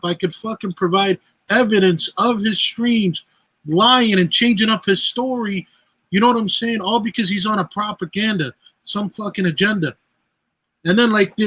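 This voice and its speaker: A man's voice: high-pitched, bright, forceful tone, breathy edge, no echo, rough recording. A man calling into a live chat, ranting heatedly and accusing someone at length. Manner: heated, accusing rant with cursing. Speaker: call-in guest. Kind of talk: casual chat.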